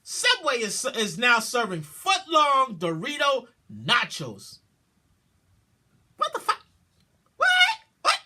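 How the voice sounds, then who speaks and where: A woman podcast host riffing on the news in a high, bright, sharp voice that leaps wildly up and down. She shouts her disbelief, repeats words over and over, swears freely and breaks into laughter. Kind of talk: comic commentary on news headlines.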